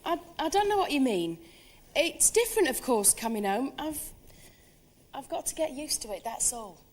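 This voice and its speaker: An actress playing a hesitant, defensive young daughter returned home. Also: female voice, high voice, very animated, normal speed.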